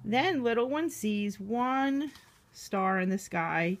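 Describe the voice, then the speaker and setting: A woman reading a picture book aloud to a young child, gently asking the child questions as she goes. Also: medium pitch, expressive, takes it slowly.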